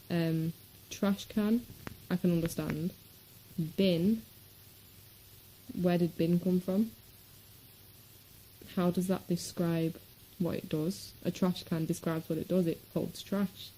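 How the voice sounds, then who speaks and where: A woman's voice: lowish voice, dark tone, a little hiss or hum, low-quality recording. A woman from Manchester with a Manchester accent, chatting casually in a rambling vlog with lots of ums. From Manchester, England. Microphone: webcam.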